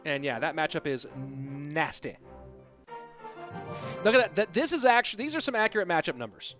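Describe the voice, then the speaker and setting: A man with a slightly high voice calls a live esports match, chatty and excitable. He jumps between the plays and shout-outs to chat. Music plays clearly underneath him. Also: moderate pace. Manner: chatty, excitable, thanks viewers by name. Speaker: esports caster and streamer. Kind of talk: live game commentary mixed with chat reading. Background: background music.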